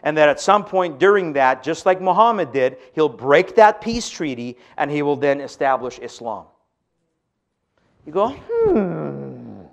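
A man with a high voice lectures a live audience as a pastor. He pushes key points hard, then drops to hushed asides. He keeps turning to the crowd with rhetorical questions. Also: moderate pace. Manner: animated, swings between loud emphasis and hushed asides.

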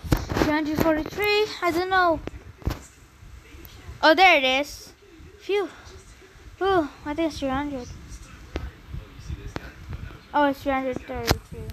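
High, unhurried young woman gaming. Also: background noise. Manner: chatty, easily flustered, talks to herself. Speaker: game streamer. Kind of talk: casual gameplay commentary.

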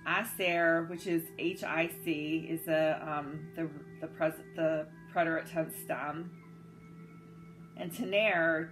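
A woman with a low voice leads a guided-notes grammar lesson. She spells words out one letter at a time, patient and methodical, with the odd "um" and self-correction. Faint music plays quietly behind her. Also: poor audio. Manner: relaxed with fillers and self-corrections. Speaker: Spanish teacher.

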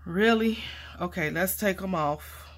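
A woman vlogging casually while mounting stamps, chatty and excitable, calling viewers y'all and honey, and dropping to quiet murmurs as she works. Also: fairly low pitch, a little slow, noisy background. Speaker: crafting vlogger. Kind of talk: casual chat while crafting.

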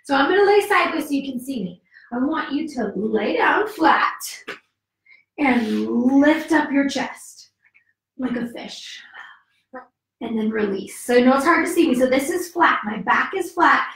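A woman's voice: sits high, lively intonation, a little slow, fairly bright tone. A woman teaching a yoga class for kids, coaxing and cheerful, counting moves aloud and a little out of breath. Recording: echoey room, voice from far off.

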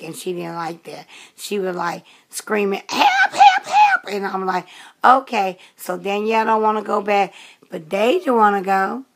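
A vlogger in her late fifties chats casually to the camera, rambling along with plenty of fillers and restarts. Her voice is medium in pitch and creaky.

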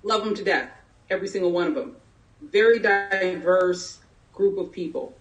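A woman's voice: on the low side, moderate pace, far from the mic. A middle-aged woman from San Jose candidly telling a personal story at a town hall, in a conversational way with plenty of fillers. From San Jose, California. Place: community town hall meeting.

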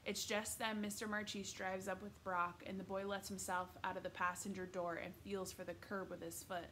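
A woman reading a children's novel aloud, with a mid-range voice and steady, expressive pacing. There is a faint hiss of noise under her reading. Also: medium pitch, moderate pace. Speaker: narrator. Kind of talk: read-aloud book narration.

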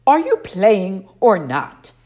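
Snide pudgy camp director guy, loud and bossy, woman doing the voice, bouncy pitch. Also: very animated, measured pace. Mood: impatient.

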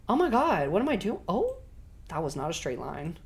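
A young woman streaming a video game, swearing constantly and swinging between loud shrieks and quiet mumbling as she plays. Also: on the low side, wildly swooping pitch, normal speed, husky. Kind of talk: casual game commentary.

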